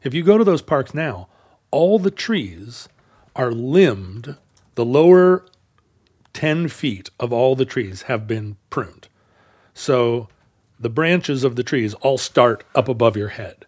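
A man's voice: medium pitch, animated, slow, a little mellow. Meandering, wry male podcast co-host. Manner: wry, meandering with many fillers. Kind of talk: casual chat.

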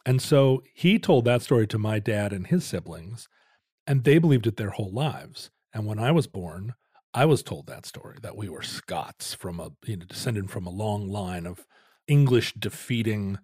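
A man's voice: fairly low pitch, lively intonation, normal speed, a little mellow, breathy edge, no echo. A middle-aged man casually telling a rambling family story with dry jokes on a podcast.

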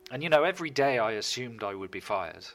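Bright-voiced man, jokey. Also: mid-range voice, fast talker. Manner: animated, jokey storyteller. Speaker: guest. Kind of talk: casual interview chat.

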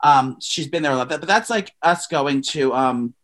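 Animated, swearing podcast co-host. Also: normal speed, no echo. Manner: animated and profane, with sudden jumps up in pitch. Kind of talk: casual gossip chat.

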